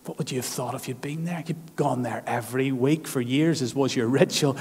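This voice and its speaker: A man's voice: mid-range voice, brisk, a little mellow, slightly rough. A man preaching a sermon as pastor, earnest and emphatic, leaning on repeated phrases. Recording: long hall reverb.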